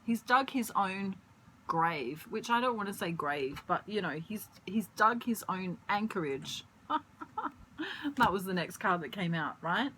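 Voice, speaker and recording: Slow, rambling woman tarot reader. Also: medium pitch, lively intonation, fairly bright tone, slight background noise, low-quality recording. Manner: chatty, rambling, laughs often; pauses to search for words. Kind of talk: casual tarot reading monologue. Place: at home, pet bird nearby.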